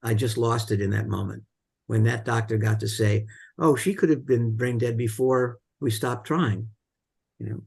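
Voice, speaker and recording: A man's voice: mid-range voice, steady tone, moderate pace, gravelly, a little mellow, husky. Man casually retelling film scenes. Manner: retells scenes with many fillers and restarts. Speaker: film discussion host.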